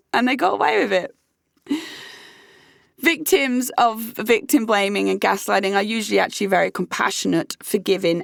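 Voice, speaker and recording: A woman's voice: fairly high pitch, vocal fry, no echo, clean studio sound. A young British woman giving candid, sweary personal advice in a conversational vlog. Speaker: vlogger.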